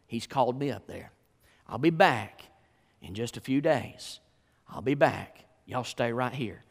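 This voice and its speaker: Moses, a preacher doing a calm folksy leader. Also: male voice, mid-range voice, measured pace, creaky, in a large hall. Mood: reassuring. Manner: plain, reassuring, folksy. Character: calm male leader Moses addressing his people.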